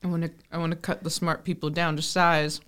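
A woman's voice: low voice, flat delivery, a little fast, a bit bright, clean tone. A woman co-hosting a movie podcast in casual chat, joking and self-deprecating. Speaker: podcast co-host.

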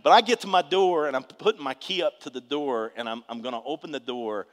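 A man, preaching a testimony in an animated storytelling way with bursts of shouting. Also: a little high, fairly quick, big-room sound. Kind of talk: testimony sermon.

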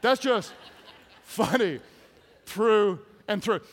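Animated preacher man in a big hall. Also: sits high, extremely slow. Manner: animated, jokey, acts out voices. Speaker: pastor. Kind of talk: sermon. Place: large church hall. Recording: hall reverb from large room.

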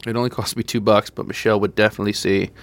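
A man's voice: on the low side, little pitch movement, racing, creaky, no echo. A man co-hosting a comedy podcast, joking around and laughing often. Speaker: podcast co-host. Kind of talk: casual comedic podcast chat.

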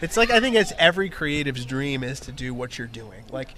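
A man's voice: mid-range voice, big pitch swings, fairly quick. Enthusiastic man hosting. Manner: enthusiastic, rambling with many fillers. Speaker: podcast host. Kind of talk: casual interview chat.

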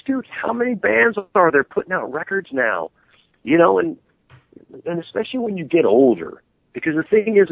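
A man's voice: medium pitch, dry recording. A middle-aged man, a guitarist, rambling animatedly in a casual interview with many restarts. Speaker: guitarist and band member, interview guest. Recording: tinny phone-like line.

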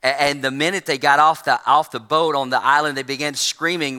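Bright-voiced man preaching in a church. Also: fairly high pitch, fairly even intonation, brisk, few pauses. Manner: folksy storytelling preacher. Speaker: pastor. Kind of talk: sermon. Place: church sanctuary. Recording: long church reverb.

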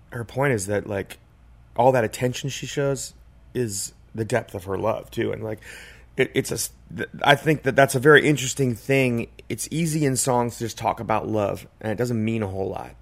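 A man's voice: medium pitch, gravelly. A man in casual podcast chat, talking in a reflective, rambling way with many "like" and "you know" fillers. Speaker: podcast co-host.

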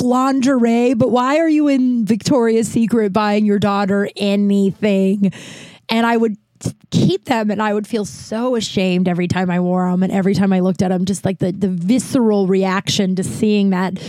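A woman's voice: medium pitch, darkish tone, no room sound. A woman hosting a podcast, frankly telling a personal story with many restarts and asides.

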